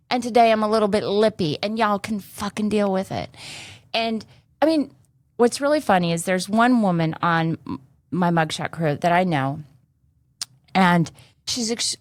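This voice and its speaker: Woman podcast host, mid-pitched, blunt and profane, dry close sound. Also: no echo. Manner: blunt, salty, cusses freely. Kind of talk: candid casual chat.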